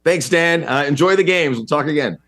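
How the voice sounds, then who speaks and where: A man's voice: fairly high pitch, brisk, fairly bright tone. A man joins as a guest and signs off briefly. His tone is casual and friendly. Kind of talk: casual sign-off.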